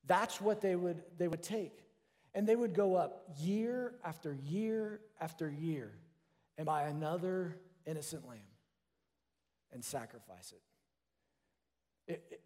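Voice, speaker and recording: A man preaching a sermon in an earnest way, with his voice falling softer when he voices prayers. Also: a little high, expressive, unhurried, pauses often. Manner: earnest, drops to a soft hush for quoted prayers. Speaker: pastor. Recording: long hall reverb.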